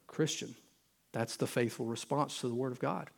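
A male pastor preaching a sermon earnestly, moving between loud urgent stretches and quiet, intimate ones. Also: medium pitch, steady tone, moderate pace, vocal fry.

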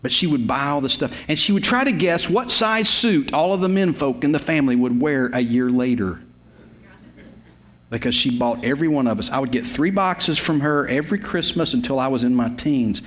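A man's voice: mid-range voice, normal speed. Folksy preacher in his fifties. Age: 50s. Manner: emphatic, repetitive storytelling with folksy humor. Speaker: pastor. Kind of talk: sermon.

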